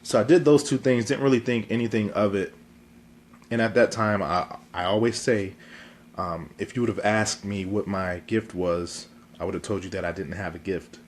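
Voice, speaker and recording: A man's voice: lowish voice, steady tone, moderate pace, slight background noise. A man hosting his own video talk show, chatting casually and goofily with a stuffy, congested throat and lots of fillers, recorded on a phone. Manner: chatty, goofy, rambling with fillers. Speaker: vlog host.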